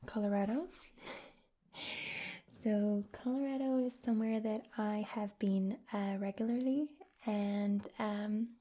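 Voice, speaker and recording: Woman from Scotland, ASMR creator, slow husky whisper, rambling talk. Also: mid-range voice, steady tone, mellow. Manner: rambling, many fillers.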